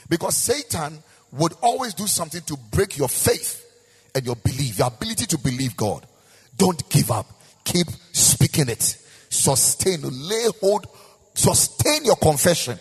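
A man's voice: on the high side, very animated, a little slow, slightly rough, faint music behind. A man with a Ghanaian accent preaching a sermon as pastor, with a sing-song, repetitive delivery. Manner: preaching with sung, rising and falling emphasis and repetition. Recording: echoey hall with long reverb.

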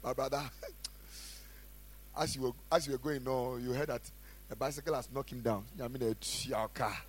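A man preaching a sermon as a pastor, asking the congregation questions and swinging between shouted lines and quiet asides. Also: mid-range voice, steady tone, unhurried, slightly rough, low-quality recording. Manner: preaching with call-and-response questions.

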